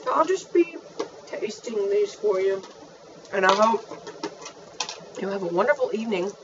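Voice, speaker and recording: A woman's voice: medium pitch, animated, moderate pace, recorded from a distance, noisy background. A woman chatting in a playful, gushing manner as she reviews things for her viewers. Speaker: vlogger. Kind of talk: casual chat. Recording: dull, faint, off-mic home recording.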